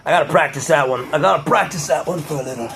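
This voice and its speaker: A man's voice: on the high side, quick pace, gravelly, a bit bright, soft background music. A young man rambling playfully in a casual video monologue. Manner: playful, drifts into pep talk. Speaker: vlogger.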